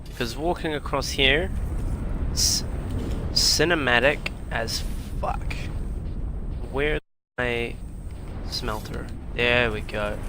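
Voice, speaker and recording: A man streaming live gameplay, swearing often and shouting in frustration between bursts of laughter. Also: mid-range voice, takes it slowly, pauses often. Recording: noisy game-audio background.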